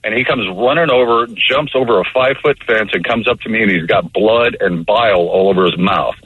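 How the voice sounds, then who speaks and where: A man with a low, husky voice rambles through a story as a guest on a talk radio show. His delivery is loose and anecdotal, full of fillers and restarts. The sound is dry and a little dull, as if the sound were cut off at the top. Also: a little fast. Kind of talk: casual radio chat.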